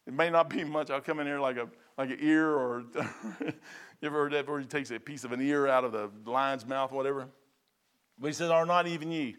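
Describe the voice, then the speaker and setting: High-voiced folksy preacher man. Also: fast talker, a bit bright, clean tone. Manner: folksy, conversational preaching with asides. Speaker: pastor. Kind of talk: sermon.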